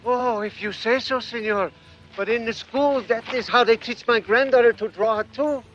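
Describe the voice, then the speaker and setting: Excitable old villager, very high. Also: male voice, moderate pace. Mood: obsequious. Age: older. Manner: excitable, obsequious. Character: fawning elderly male villager. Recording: dull film audio with loud music.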